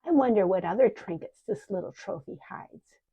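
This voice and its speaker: A woman voicing a greedy, dwarfish old woman who croaks and hisses her words, sharp-tongued and wheedling. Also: mid-range voice, expressive, moderate pace. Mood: sly. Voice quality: croaking, hissing. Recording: dull lo-fi recording.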